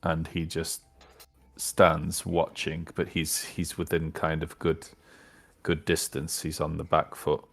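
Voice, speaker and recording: A man playing a tabletop game, describing his character's actions in a measured, hesitant way. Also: rumbling low, monotone, creaky, a bit bright. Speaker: player.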